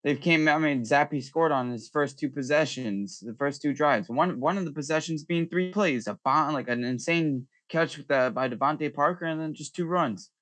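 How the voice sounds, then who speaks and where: Male co-host, measured, lots of fillers, dry close sound. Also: a little high, a bit bright, dry recording. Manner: measured, thinking aloud with many fillers. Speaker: podcast co-host. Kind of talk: casual sports talk.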